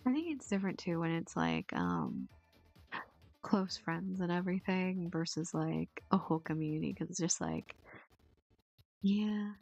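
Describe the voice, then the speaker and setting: A woman's voice: on the low side, very animated, measured pace, a little mellow. A young woman voice actor chatting casually on a stream, rambling with lots of fillers and casual swearing. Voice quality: husky, gravelly. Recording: dull lo-fi stream audio with faint music.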